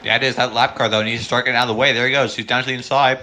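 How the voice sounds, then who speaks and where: This is a man doing color commentary for an online sim racing broadcast over a remote call. His voice is bright and sharp, and he sounds chatty, breaking into quick excited reactions. A faint hiss of noise sits under his mic. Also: medium pitch.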